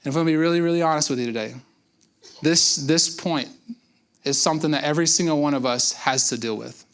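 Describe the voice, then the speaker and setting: Speaking quickly in a fairly high, clean-toned voice, this male pastor preaches in a conversational way. He acts out quotations and repeats certain words to drive his points home.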